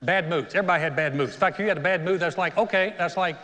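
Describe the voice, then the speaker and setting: A man's voice: sits high, racing, pushed and bright, in a large hall. A middle-aged man, the senior pastor, preaching a sermon in a conversational, storytelling way with self-deprecating humor. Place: church auditorium.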